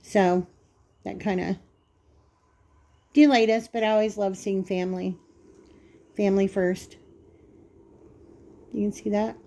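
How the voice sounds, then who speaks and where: A woman's voice: mid-range voice, fairly even intonation, takes it slowly, pauses often, dark tone. A woman hosting a casual home cooking vlog in her kitchen, chatting straight to viewers as she cuts food open and tastes it.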